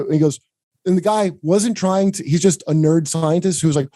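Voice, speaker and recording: A man's voice: a little fast, dark tone, no echo. A man hosting a podcast, rambling and profane in casual chat, often laughing and mimicking people. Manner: mimics people in higher voices. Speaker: podcast host.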